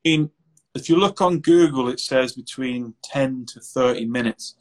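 A man, an anxiety therapist, answering interview questions in a lively, conversational way and acting out exchanges with clients. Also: medium pitch, measured pace, low-quality recording. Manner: animated, acts out client exchanges.

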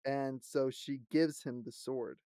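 A man's voice: mid-range voice, steady tone, takes it slowly, dark tone, clean tone, no room sound, clean studio sound. A man co-hosting a casual podcast chat about a fantasy show, laughing often and squealing out quotes. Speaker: podcast co-host.

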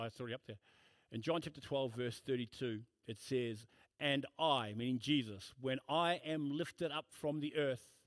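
A man's voice: fairly high pitch, dry recording. A man preaching a sermon in a church, emphatic and repetitive, breaking into casual storytelling asides. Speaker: pastor.

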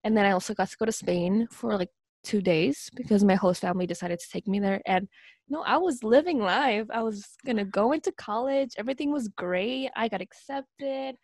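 A woman's voice: mid-range voice, brisk, darkish tone, no room sound, studio quality. A young woman in a casual chat, speaking in an earnest, reflective way.

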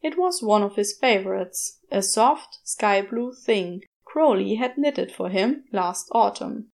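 A woman reading fan fiction aloud as a gentle, expressive storyteller. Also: medium pitch, takes it slowly, vocal fry, few pauses. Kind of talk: storybook narration.

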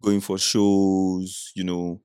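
A man from Nigeria, a podcast guest, talking in relaxed, laid-back casual chat. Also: low-pitched, slow, clean tone, no echo, studio quality.

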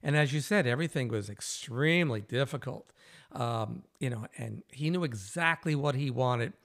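A male interviewer recounting a tale in a casual, animated way. He acts out the quoted lines and laughs easily as he goes. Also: mid-range voice, normal speed. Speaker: host.

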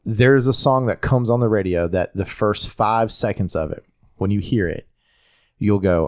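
Rambling Southern man with a low voice. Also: moderate pace, darkish tone. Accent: Southern US, North Carolina. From North Carolina, US. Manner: talkative, rambling, often restarts sentences. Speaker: podcast host. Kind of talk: casual chat.

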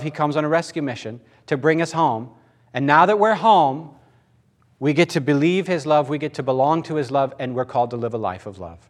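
A man preaching a conversational sermon, animated and joking as he goes. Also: mid-range voice. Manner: animated, laughs and jokes mid-sentence.

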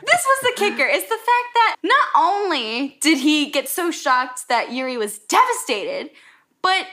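A woman co-hosts a chatty podcast, her voice pitched high and bright. She retells scenes with animated, swearing commentary and quick acted-out lines. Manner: animated, swears, acts out quotes. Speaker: podcast co-host. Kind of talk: casual anime recap chat.

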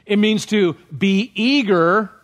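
A man's voice: sits high, slow. A man preaching a sermon as pastor, often checking in with the congregation with questions. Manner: asks the congregation questions, rising when stirred.

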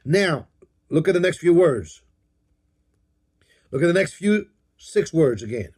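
A man's voice: a little high, sing-song, a little slow, long pauses, darkish tone, breathy edge. A man preaching a sermon, emphatic, repeating key phrases and telling his listeners what to underline.

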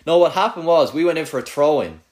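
A man's voice: fairly high pitch, lively intonation, quick pace, darkish tone. A young man with a rural Irish accent chatting casually, swearing freely and trailing off into mutters. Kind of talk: casual chat.

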